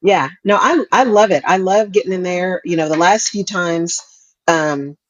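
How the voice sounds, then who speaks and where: A woman's voice: lowish voice, normal speed, no echo, highs cut off. A woman co-hosting a talk show, chatting casually and laughing often as she talks. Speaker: podcast co-host. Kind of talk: casual chat.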